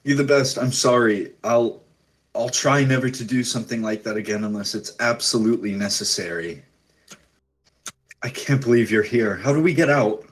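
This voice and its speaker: A man's voice: medium pitch, normal speed, pitched above the performer's own voice, lightly acted. A man voicing a weeping young woman, a captive sister, who apologizes and pleads through tears in a tabletop game. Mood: relieved.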